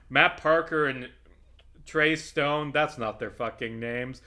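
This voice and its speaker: A man with a bright, forceful voice gives loose, rambling commentary while he plays a video game. He swears a lot and drifts from easygoing chat into fired-up rants. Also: a little high, measured pace. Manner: rambling, profane, swings into heated ranting. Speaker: vlogger playing a video game. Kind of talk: casual gameplay commentary.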